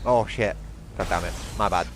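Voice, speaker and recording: A man with a British accent giving excitable live gameplay commentary, swearing often and talking straight to his viewers. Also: deep voice, moderate pace, a little hiss or hum. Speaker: gaming streamer.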